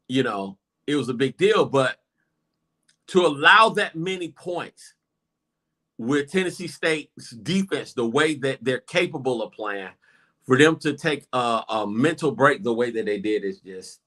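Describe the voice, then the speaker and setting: A man's voice: medium pitch, unhurried. A man co-hosting a casual sports chat, telling game stories with hype and laughter. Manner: animated, laughing, hyped storytelling. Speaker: co-host.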